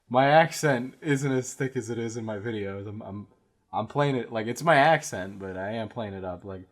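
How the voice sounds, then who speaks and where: A man's voice: on the low side, moderate pace, a little hiss or hum. Rambling casual podcast man. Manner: rambling, many fillers and restarts. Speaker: podcast co-host. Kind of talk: casual chat.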